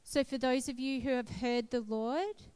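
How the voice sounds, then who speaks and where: A woman's voice: high-pitched, fairly even intonation, moderate pace, darkish tone, clean tone. A woman, preaching a sermon and telling a personal testimony in an earnest, emphatic way.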